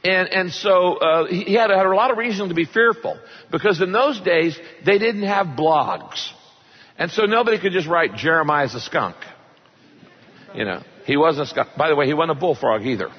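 A man's voice: a little high, brisk. A man preaching a sermon, joking with the congregation and reading scripture with dramatic emphasis. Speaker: pastor. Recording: long hall reverb, dull lo-fi sound.

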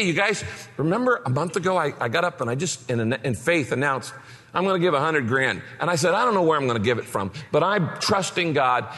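A man preaching a sermon, telling a personal story with animated, acted-out dialogue. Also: a little high. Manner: storytelling, acts out his own past dialogue, animated. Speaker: pastor. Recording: long hall reverb.

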